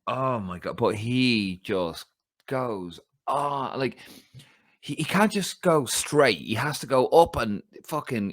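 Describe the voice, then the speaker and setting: An Irish man co-hosting a podcast, chatting casually about football, animated and swearing freely as he rants. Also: medium pitch, no echo, studio quality. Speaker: podcast co-host.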